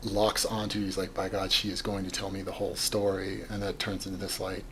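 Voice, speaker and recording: Male podcast co-host, lowish voice, animated and rambling, faint noise underneath. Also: fairly quick, poor audio. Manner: animated, rambling, many "like" fillers and restarts. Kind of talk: casual book discussion.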